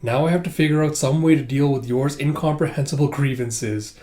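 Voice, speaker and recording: A man's voice: fairly high pitch, fairly quick, mellow, lightly acted. A man doing a weary, composed spy husband. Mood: calm.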